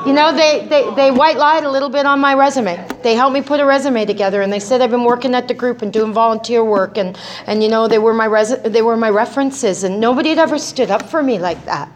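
A woman's voice: a little high, fast. A middle-aged woman sharing her recovery story in a personal testimony talk, speaking conversationally with many "right?" tags and restarts.

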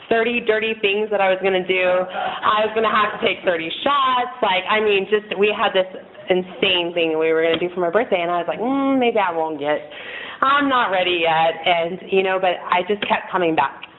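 A woman's voice: mid-range voice, steady tone, fairly quick. A woman in her thirties giving a frank, rambling personal testimony to a group in a meeting room, often laughing at herself. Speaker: speaker sharing at a recovery meeting. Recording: tinny phone-like recording, faint noise.

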